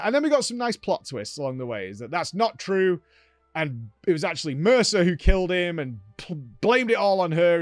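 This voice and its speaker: Animated man recapping a game. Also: a little high, no room sound, clean studio sound. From United Kingdom. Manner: animated storytelling, acts out exchanges with "I'm like". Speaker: streamer and show host. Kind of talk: casual gaming recap chat.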